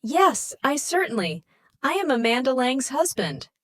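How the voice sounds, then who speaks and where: A woman's voice: high-pitched, very animated, measured pace, pitched above the performer's own voice, full character voice. A woman voicing a matter-of-fact husband puzzled by a strange call. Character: calm, then puzzled older husband.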